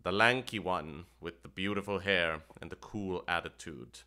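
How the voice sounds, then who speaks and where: Guy doing a low quiet voice from nowhere, bossing the imp around, measured. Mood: commanding. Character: unseen commanding master voice.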